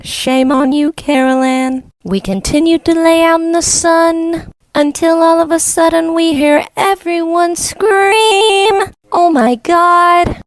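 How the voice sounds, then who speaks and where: A woman telling a first-person story in a slow, deliberate way. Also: extremely high pitch, darkish tone, no room sound, studio quality. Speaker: story narrator.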